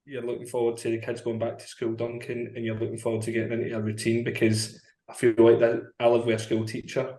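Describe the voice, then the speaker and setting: A man's voice: mid-range voice, completely flat delivery, fast talker, hardly any pauses, warm tone. A man in easy banter, talking in loose, rambling runs and breaking into laughs. His voice sits mid-range and carries a noticeable room echo. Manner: chatty, rambling, laughs often. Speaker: podcast co-host. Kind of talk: casual banter. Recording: roomy echo.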